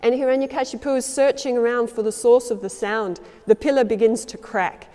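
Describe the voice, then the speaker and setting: A woman telling a devotional story as a sermon, acting out the lines of its characters with changes in loudness and pace. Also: fairly high pitch, fairly even intonation, fairly quick. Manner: acts out quoted lines with shifts in loudness and pace. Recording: long hall reverb.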